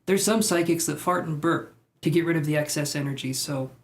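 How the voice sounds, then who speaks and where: A man's voice: a little high, fairly quick, slight background noise. A man reading tarot on a live stream, chatting casually and rambling as he reacts to viewer comments.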